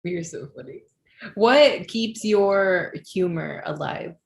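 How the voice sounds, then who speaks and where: A woman host interviewing a guest, her voice low and her pace unhurried. She laughs easily and encourages him. The recording is roomy with echo and a faint hiss behind her. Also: lively intonation, creaky. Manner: giggly, encouraging. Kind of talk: casual interview.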